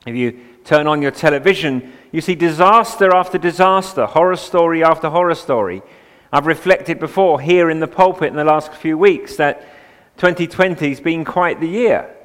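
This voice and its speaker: A man's voice: a little high, moderate pace, fairly bright tone. A man preaching a sermon from the pulpit, shifting between chatty asides and emphatic, rising passages. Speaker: pastor. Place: church sanctuary, at the pulpit. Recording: long church hall reverb.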